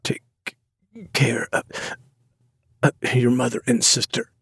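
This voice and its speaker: Man voicing a dying father, raspy, whispery, breathless, husky, slow. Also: mid-range voice, level tone, fairly bright tone, dry recording, studio quality, voice pushed up, heavily acted. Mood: weak, tender. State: fading, short of breath. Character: dying older man, weak and tender father.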